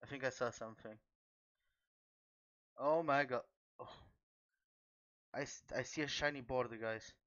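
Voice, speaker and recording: An excitable man talks his viewers through a card pack opening, calling them "guys" between exclamations. His voice sits at an ordinary middle pitch. The recording is dull and lo-fi, with a dry, close sound. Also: a little slow, long pauses, no room sound. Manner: chatty, keeps addressing viewers as guys. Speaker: trading card pack opener. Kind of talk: casual unboxing chat to viewers.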